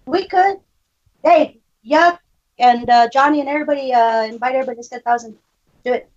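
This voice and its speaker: A woman's voice: high voice, a little fast, a little mellow. A woman co-hosting a podcast in casual chat, brash, boisterous and swearing freely. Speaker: podcast co-host. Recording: dull lo-fi call audio.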